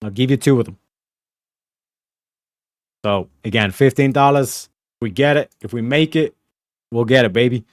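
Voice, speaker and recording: A young man hosting a casual livestream, rambling through donation shout-outs with lots of slang and filler phrases. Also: mid-range voice, normal speed, long pauses, dry recording, clean studio sound. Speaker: livestream host reading donations.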